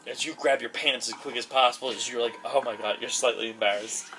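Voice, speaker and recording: A man's voice: mid-range voice, fairly even intonation, fast, pushed and bright, slight background noise. A man narrating a tabletop game as game master, rambling with many fillers and laughing often. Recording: far from the mic, music behind.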